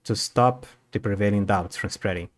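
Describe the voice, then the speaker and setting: Reading along from a visual novel on his stream, a man stops now and then to remark on the cast. He speaks at a moderate pace in a voice on the low side.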